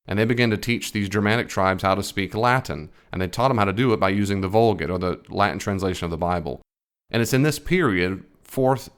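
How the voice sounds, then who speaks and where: A man giving a reaction commentary on a theology video, explaining firmly and correcting the speaker. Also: lowish voice.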